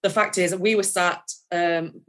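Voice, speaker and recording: Lower-pitched woman, enthusiastic rambling podcast guest. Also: steady tone, unhurried, a bit bright. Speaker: podcast co-host. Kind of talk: casual football podcast chat.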